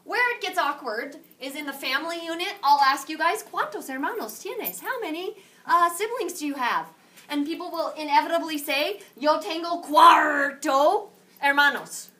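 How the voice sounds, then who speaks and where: High, bright-voiced playful woman teacher. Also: normal speed. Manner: playful, animated teacher quizzing students. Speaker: Spanish teacher. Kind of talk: classroom lesson. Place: classroom. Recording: distant classroom camera with faint noise.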